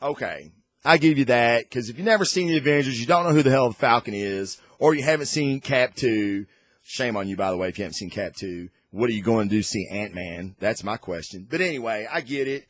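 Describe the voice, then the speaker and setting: A man hosting a casual comic and movie review, rambling and excitable, with lots of fillers and restarts. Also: medium pitch, brisk, dry recording. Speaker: host.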